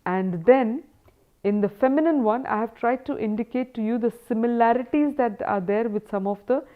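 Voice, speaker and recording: A woman's voice: on the high side, normal speed. A woman teaching Sanskrit grammar in a recorded lecture, mixing English with Sanskrit terms and checking in with her students. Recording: tinny phone-like sound.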